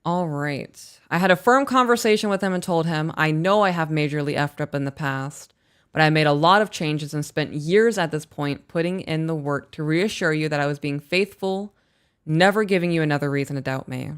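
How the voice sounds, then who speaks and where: Woman host reading emails on a live stream, low smooth voice, blunt and sweary. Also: moderate pace. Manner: blunt, frank, swears casually.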